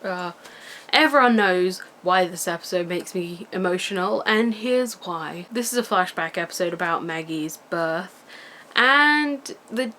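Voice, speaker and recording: On a camera mic at home, a young woman vlogs and rambles casually, gushing with enthusiasm about things she loves. Her voice sits on the low side and is a little slow, bright and forceful, with lively intonation and slight background noise.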